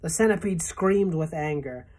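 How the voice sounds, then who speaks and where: A woman teacher reading a children's novel aloud in an expressive storytelling manner, with a husky voice. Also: low voice, moderate pace.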